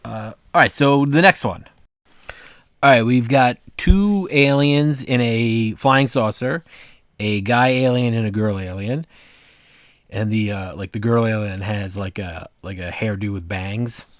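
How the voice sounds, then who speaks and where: Speaking at a measured pace in a lowish voice, a man rambles through commentary on his own cartoons for a casual vlog, leaning heavily on "like" and "uh." It's a dry, studio-quality recording.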